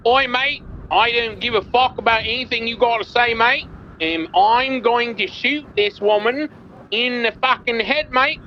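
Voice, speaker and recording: A man putting on a loud, swearing Australian hostage-taker who keeps threatening to shoot. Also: very high voice, a little slow, lo-fi sound, a little hiss or hum, voice pushed up. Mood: menacing, yelling. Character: aggressive Australian hostage-taker, male adult.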